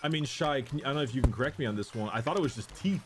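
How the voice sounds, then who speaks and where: A man's voice: mid-range voice, very fast, background noise. A man co-hosting a casual podcast, explaining lore in a rambling way with many repeated words and restarts.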